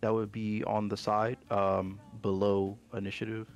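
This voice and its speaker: A young man acts as game master, walking players through rules in a low, gravelly voice. His delivery stays flat and even, with casual fillers. Faint music plays underneath. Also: a little slow. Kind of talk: running a tabletop game online.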